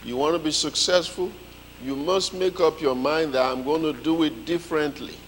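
A man preaching a sermon, telling a story with lively comic voices. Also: fairly high pitch, moderate pace, big-room sound, a little hiss or hum, low-quality recording.

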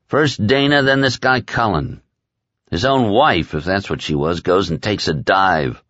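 A man's voice: low voice, expressive, a little slow, fairly bright tone, no echo, muffled recording, heavily acted. A man reading aloud and voicing a crude, boozy male henchman who talks in a rambling, profane, folksy way. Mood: griping.

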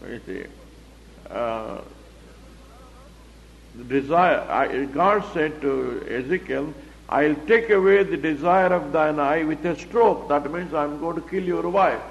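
A man's voice: a little high, a little hiss or hum. A man teaching the Bible verse by verse, explaining it plainly and asking rhetorical questions. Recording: echoey hall, dull lo-fi recording.

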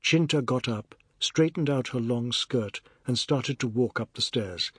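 A male audiobook narrator with a husky, mid-range voice reads scripted literary text. His storytelling is measured and even, captured in a dry, clean studio recording.

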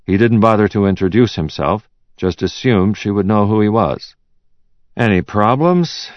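A man reading a thriller audiobook in a measured storytelling manner. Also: lowish voice, steady tone, dry recording. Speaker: audiobook narrator. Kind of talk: scripted narration. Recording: dull, slightly muffled audio.

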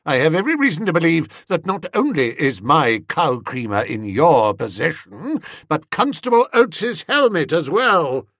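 A man voicing a pompous older gentleman of the house, stiff and formal, in an audiobook. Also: on the high side, big pitch swings, normal speed, hardly any pauses, no echo, studio quality, voice pushed up, full character voice. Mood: indignant. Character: older pompous magistrate-type gentleman, stern host. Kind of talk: audiobook character voice.

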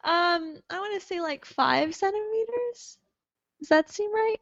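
Woman, podcast co-host, giggly, rambling, high voice, dry close sound. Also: unhurried, fairly bright tone, dry recording, lo-fi sound. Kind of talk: casual podcast chat.

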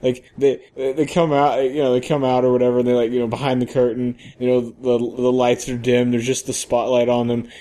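A man's voice: medium pitch, flat delivery, a little fast, few pauses, dark tone. A man co-hosting a comedy podcast, rambling playfully and breaking into mock-dramatic recitations. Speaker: podcast co-host. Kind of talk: casual comedic chat.

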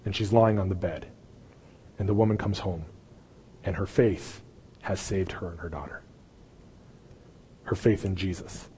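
A man preaching a sermon as pastor, swinging from loud pleading to hushed intensity. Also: deep voice, measured pace, pauses often, long reverb tail, a little hiss or hum. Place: church sanctuary.

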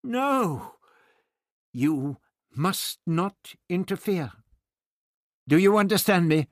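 A stern, imperious old time-traveller barks and pleads in turn, as a male narrator voices him. The pitch climbs and swoops. The audiobook sound is dry and close. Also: sing-song, very slow, no room sound, heavily acted. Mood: commanding. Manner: commanding, exasperated. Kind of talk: audiobook character voice.

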